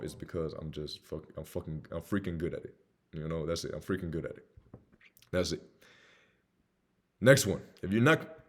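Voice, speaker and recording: A young man giving blunt, casual sales advice, swearing now and then and acting out sales calls. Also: sits low. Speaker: sales coach. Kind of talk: casual monologue with acted examples.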